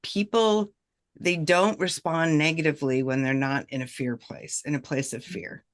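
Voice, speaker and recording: A woman who works as a professional negotiator, a guest on a video-call chat, speaking in a measured, reflective way and checking in often with "right?". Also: low voice, fairly even intonation. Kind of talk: casual chat, giving advice.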